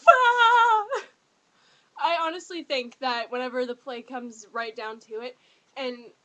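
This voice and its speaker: Bright-voiced, gushing young woman fan. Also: on the high side, normal speed, poor audio. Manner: excitable, gushing, rambling. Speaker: fan reviewer. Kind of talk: casual fan review vlog.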